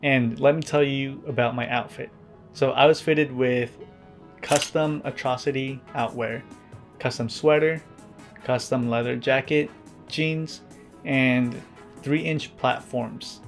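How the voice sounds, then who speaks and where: A man tells his story as a vlog voiceover in a flat, deadpan delivery and drops wry asides along the way. His pitch sits in the middle range. Faint music plays underneath. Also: slow pace. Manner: introverted, earnest. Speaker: vlogger. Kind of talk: scripted vlog narration.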